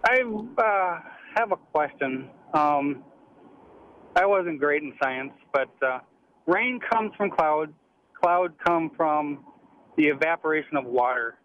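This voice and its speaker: A man's voice: on the high side, expressive, slow. A man calling in to a radio show with a hesitant, earnest question over a dull phone-in line. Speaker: caller.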